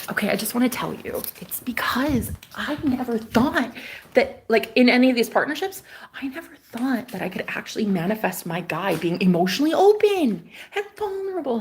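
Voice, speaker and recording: Gushing young woman with a gravelly voice. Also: on the high side, a little hiss or hum. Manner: gushing, excitable, swings from loud exclamations to hushed whispers. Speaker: livestreamer. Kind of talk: casual livestream chat. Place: outdoors in a backyard.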